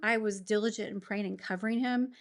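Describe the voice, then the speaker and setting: A woman in her forties tells her faith story as a podcast guest. She talks earnestly and gets emotional, with sudden bursts of enthusiasm, and her voice sits at an ordinary middle pitch. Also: fairly even intonation, brisk. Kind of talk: faith testimony in conversation.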